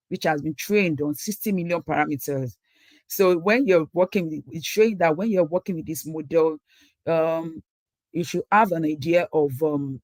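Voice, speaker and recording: A woman giving an online technical lecture without a microphone, pausing often with ums and restarts. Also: low voice, darkish tone, no room sound. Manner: hesitant, many ums and restarts. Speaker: guest lecturer. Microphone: no microphone, laptop mic.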